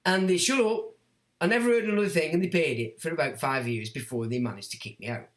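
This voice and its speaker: Middle-aged man hosting a livestream, blunt and mocking, high-pitched, roomy echo. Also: fast talker. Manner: blunt, animated, mocks whiners in put-on voices. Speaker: livestream host reading chat comments. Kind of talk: casual livestream monologue.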